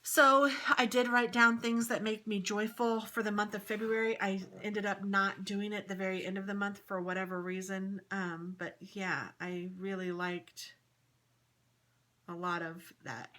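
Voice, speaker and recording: A woman's voice: medium pitch, fairly even intonation, moderate pace, hardly any pauses, pushed and bright, slight background noise. A woman casually chatting through a flip-through of her craft planner, upbeat and rambling. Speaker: crafting vlogger.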